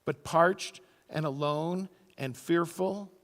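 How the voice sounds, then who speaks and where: A middle-aged pastor delivers a storytelling sermon, his voice sitting notably high for a man. He now and then jumps into quoted lines with loud, high bursts. The sound carries a long church-hall reverb. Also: slow pace. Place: church sanctuary.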